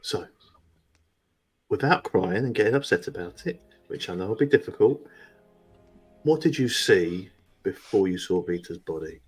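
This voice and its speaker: A calm investigator coaxing a frightened witness, his voice low and unhurried, as a man voices him. He talks softly and patiently. Faint music runs underneath. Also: breathy edge. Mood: soothing. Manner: gentle, coaxing, slow. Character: calm, soothing male investigator with vials.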